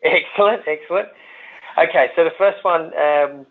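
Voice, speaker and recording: A man's voice: fairly high pitch, moderate pace. A man with an Australian accent hosting a webinar Q&A, chatty and hesitant, often repeating words and saying "um". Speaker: webinar host. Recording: tinny phone-line audio.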